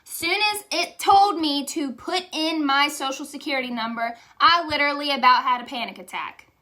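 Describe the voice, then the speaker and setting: A woman's voice: sits high, normal speed, sharp tone. A young woman giving a candid, emotional motivational testimonial, chatty and saying y'all. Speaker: direct sales leader.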